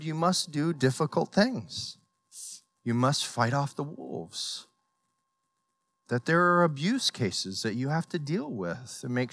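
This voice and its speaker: A male pastor with a slightly high voice preaches an earnest sermon. He tells stories with playful sound effects and pleads with the congregation. The sound is dry and close. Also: fairly bright tone, no echo.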